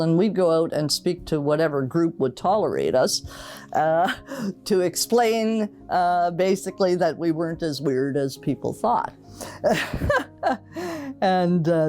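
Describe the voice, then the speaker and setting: A woman in her sixties recalling past events in an oral history interview, steady and a little hesitant. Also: low-pitched. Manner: steady recollection with some hesitations. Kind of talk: personal storytelling.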